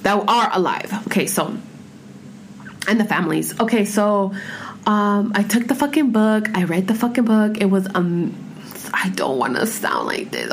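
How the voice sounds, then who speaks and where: A woman in her thirties chatting casually at home as a podcast host, rambling and expressive, with heavy swearing and filler words. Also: medium pitch, a little hiss or hum. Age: 30s. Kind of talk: casual chat. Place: home room with pets.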